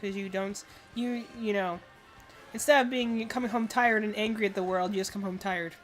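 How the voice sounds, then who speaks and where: A woman's voice: mid-range voice, steady tone, brisk, soft background music. A young woman chatting casually while gaming, teasing and reassuring her friend. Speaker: co-streamer.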